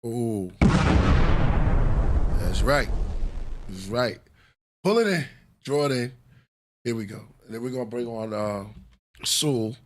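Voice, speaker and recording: A man's voice: medium pitch, expressive, slow pace, long pauses, slight background noise. A man hosting a live podcast with a New York accent, talking in a loose, reflective way with many fillers. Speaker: podcast host. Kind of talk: casual live podcast talk.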